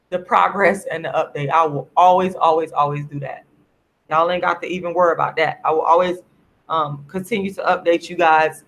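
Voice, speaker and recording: A tired, sleepy woman hosting a casual livestream, speaking in an earnest, repetitive, drawn-out way to viewers through her camera. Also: fairly low pitch, a bit bright. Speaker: livestream host.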